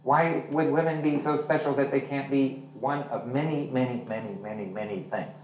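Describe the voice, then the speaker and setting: Recorded from a distance in a roomy literary venue hall, with dull audio and faint noise, a male author and journalist talks casually and candidly about his novel, performing the dialogue as he narrates. His medium-pitched voice is steady and a little mellow, at a moderate pace.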